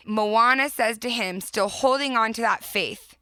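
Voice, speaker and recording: Woman host, thirties, bright dry close sound, earnest and emphatic motivational talk. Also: on the high side, unhurried, dry recording. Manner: earnest, emphatic, often laughing. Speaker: podcast host.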